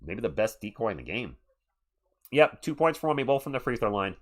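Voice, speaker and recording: A man's voice: mid-range voice, big pitch swings. Male live-stream commentator, mid-range voice, casual play-by-play with chat banter. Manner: chatty, answers the chat between rapid play calls.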